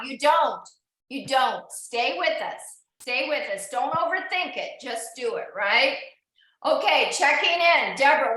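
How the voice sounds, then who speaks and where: A woman coaches riders through a live online indoor cycling class, offering encouragement and checking on each by name. She has a high voice with a sharp tone, and the room is very echoey.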